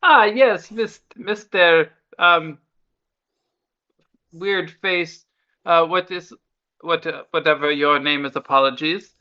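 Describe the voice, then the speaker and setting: A man voicing a fussy male gnome spa attendant with an Italian accent, speaking politely and haltingly. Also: a little high, bright, forceful tone, smooth, highs cut off, pitched above the performer's own voice.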